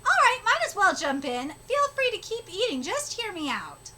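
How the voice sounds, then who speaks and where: A woman with a very high, lively voice reads manga dialogue aloud and reacts on stream, swearing freely and getting loud and excitable. Her pitch swings widely as she reads. A loud noise runs behind her. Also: moderate pace, hardly any pauses. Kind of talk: live manga reading and reaction.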